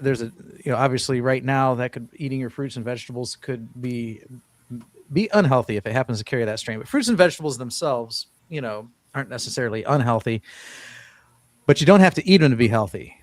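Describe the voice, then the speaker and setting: A man's voice: medium pitch, no room sound. Rambling man hosting a live chat, dry sound. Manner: loose and rambling, frequent restarts. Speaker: host of a diet livestream panel. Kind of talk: casual live-stream chat.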